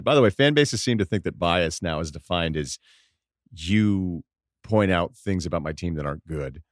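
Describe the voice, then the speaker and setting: A man's voice: on the low side, lively intonation, normal speed, no room sound, studio quality. A man talking as a podcast guest, analyzing sports in a wry, chatty way and laughing often. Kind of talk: casual sports talk.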